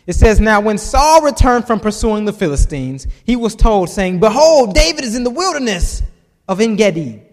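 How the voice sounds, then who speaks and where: A man's voice: high-pitched, very animated, moderate pace, in a large hall. A man preaching a casual sermon, reading scripture aloud and adding chuckling, conversational asides.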